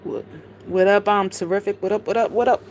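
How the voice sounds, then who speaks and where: A woman's voice: medium pitch, a little fast, slight background noise. A woman in casual live-stream commentary, telling rambling stories to her chat with heavy profanity. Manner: profane, animated, rambling storytelling.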